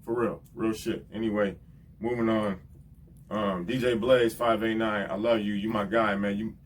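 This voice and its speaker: A man, a rapper hosting his own show, giving heartfelt, rambling shout-outs in casual slang and often adding "you know what I'm saying". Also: lowish voice, fairly even intonation, moderate pace, far from the mic, slight background noise.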